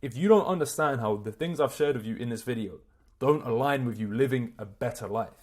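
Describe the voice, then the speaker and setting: A man giving an energetic, casual motivational talk as a self-improvement coach, full of slang and swearing. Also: mid-range voice, a little fast.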